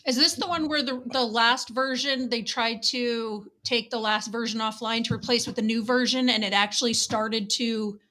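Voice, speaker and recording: A woman in casual panel chat, earnest and quick to react to what she hears. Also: on the high side, steady tone, sharp tone.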